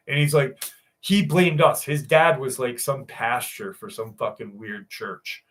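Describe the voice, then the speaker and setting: An American man tells a personal story in a loose, casual way. He swears freely, circles back with fillers and restarts, and sits at an ordinary middle pitch. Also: steady tone, a little slow, a bit bright. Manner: profane, rambling, many fillers and restarts. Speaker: guest telling a personal encounter story.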